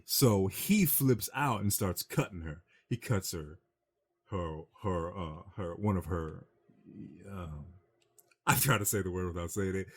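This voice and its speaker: A man on a casual gaming chat show, rambling through a film plot and acting out the quotes in a low voice. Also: husky. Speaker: podcast co-host.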